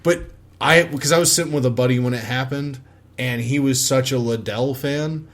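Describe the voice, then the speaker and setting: A man's voice: medium pitch, normal speed, a bit bright. A man co-hosting a casual sports podcast, telling a story in a rambling, easygoing way.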